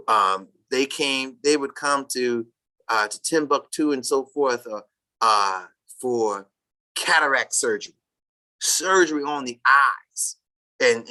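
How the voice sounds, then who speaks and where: Slow, bright-voiced Sabbath class teacher. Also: medium pitch. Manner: halting, with many restarts, and bursts of loud emphasis. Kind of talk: reading a text aloud and commenting to a class.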